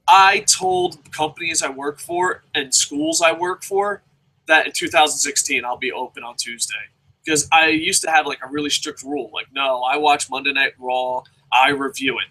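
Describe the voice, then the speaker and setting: Bright-voiced man ranting profanely. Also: on the high side, low-quality recording. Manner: profane, animated, jokey. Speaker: wrestling commentator. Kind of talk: casual rant.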